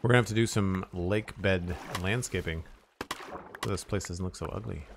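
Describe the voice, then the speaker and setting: A man streams a survival game in casual commentary, thinking aloud and mumbling as he plays, trailing off with "uh" and occasionally reading chat. His voice is low with vocal fry at a normal speed, over a noisy background.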